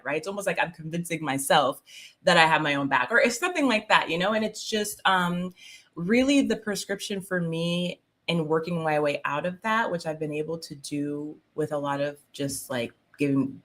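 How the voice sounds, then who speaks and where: Her voice sits lowish with a fairly bright tone as this woman, a spiritual coach, chats casually on a live stream. Laughter comes often, viewers get greeted by name, and "like" and "um" pepper nearly every line.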